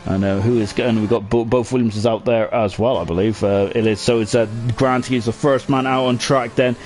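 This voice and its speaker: A man's voice: mid-range voice, steady tone, moderate pace, a little mellow, faint music behind. A young man giving live sim racing commentary, chatty and full of fillers, often tagging lines with "isn't it?". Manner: chatty, ends lines with tag questions, many fillers.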